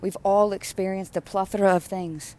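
A woman with a mid-range, darkish voice and fairly even intonation delivers an impassioned spiritual sermon at a moderate pace. She repeats phrases rhythmically with growing fervor, and there's slight background noise.

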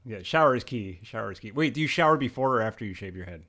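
A man from Pennsylvania hosting a podcast in casual chat, animated and quick to rant and laugh. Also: fairly low pitch. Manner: animated, ranting, laughs often. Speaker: podcast host. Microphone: headphones on, video call.

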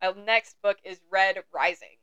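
Bright, clear-voiced young woman chatting. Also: mid-range voice, a little slow, no room sound, lo-fi sound. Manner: chatty, joking, laughs often. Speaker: podcast co-host. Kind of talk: casual chat about books.

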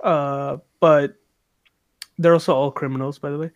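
Animated young guy telling a story. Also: on the high side, normal speed, no room sound. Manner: animated storyteller, laughing mid-sentence, swearing. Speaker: podcast guest telling a work story. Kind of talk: casual chat.

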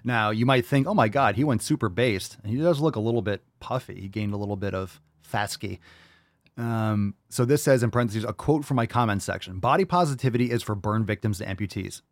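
A man's voice: on the low side, fairly quick, no echo, clean studio sound. A man hosting a podcast and giving blunt, mocking commentary. He swears freely and fires off rhetorical questions. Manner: brash, profane, mocking. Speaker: host.

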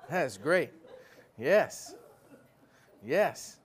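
A man's voice: fairly high pitch, normal speed, long pauses. A man preaching a sermon in a folksy, joking way, full of rhetorical questions.

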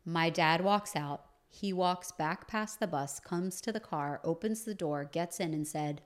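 A woman's voice: fairly low pitch, measured pace, hardly any pauses. A woman casually telling a personal story, chatty and full of fillers like "you know".

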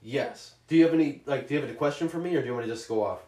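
A man's voice: mid-range voice, racing, far from the mic. A man co-hosting a podcast, telling stories in a casual, profane way and acting out the scenes. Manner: profane, animated storyteller who acts out scenes. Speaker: podcast co-host. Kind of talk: casual chat. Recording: roomy echo.

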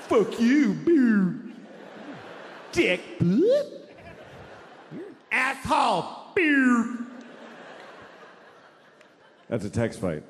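Animated profane comedian, hall reverb. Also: male voice, fairly high pitch. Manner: profane, exasperated ranting. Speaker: stand-up comedian. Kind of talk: stand-up comedy. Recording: long hall reverb, faint noise.

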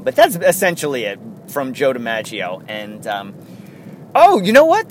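A man's voice: mid-range voice, a little hiss or hum. A man hosting a casual chat, telling stories in a rambling way and laughing often. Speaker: podcast host.

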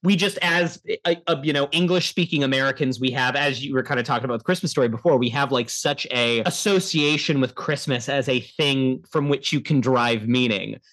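A man's voice: mid-range voice, a little fast, hardly any pauses, fairly bright tone. A young man co-hosting a casual podcast about films, rambling with many restarts and fillers. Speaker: podcast co-host. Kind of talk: casual film chat.

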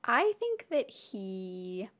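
A woman's voice: mid-range voice, big pitch swings, extremely slow, fairly bright tone. A woman talking as a podcast guest in a casual brainstorming chat, rambling and full of filler words.

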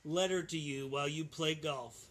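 A man's voice: fairly high pitch, normal speed, fairly bright tone. A man co-hosting a podcast, teasing and sarcastic, often talking over the others. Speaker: podcast co-host. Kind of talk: casual profane banter.

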